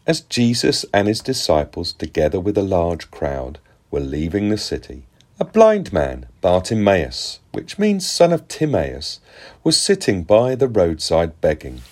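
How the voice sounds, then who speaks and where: A man leads a short devotional, reading scripture and then explaining it with earnest, chatty asides. His voice sits low, yet it swings widely in pitch as he stresses key points. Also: measured pace. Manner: earnest and animated, with conversational asides. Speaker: pastor. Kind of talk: devotional Bible reading and teaching.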